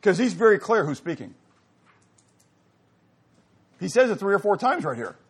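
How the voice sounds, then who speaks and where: Animated male Bible teacher quizzing class. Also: sits high, normal speed, husky. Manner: animated, quizzes the audience, rising to loud emphasis.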